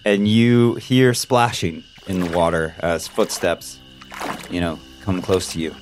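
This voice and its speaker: A man narrating a tabletop horror game as game master, relaxed and wry. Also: deep voice, measured pace, soft background music.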